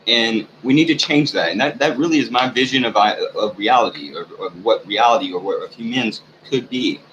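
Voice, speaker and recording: A man ranting in a rambling, profane monologue for his channel, halting often with fillers. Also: mid-range voice, a bit bright. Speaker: channel owner. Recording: dull lo-fi recording with faint hiss.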